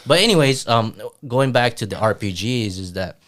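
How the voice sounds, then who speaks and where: A man co-hosting a podcast in casual chat. He talks haltingly, often stumbling and restarting mid-sentence, swears casually, and laughs a lot. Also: mid-range voice, lively intonation, a bit bright. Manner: laughs often while talking. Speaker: podcast co-host.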